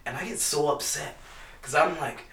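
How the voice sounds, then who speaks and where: A man's voice: on the high side, moderate pace, fairly bright tone, distant mic, a little hiss or hum. Rambling, profane man in an echoey room. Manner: rambling, profane storytelling with lots of "dude". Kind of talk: casual chat.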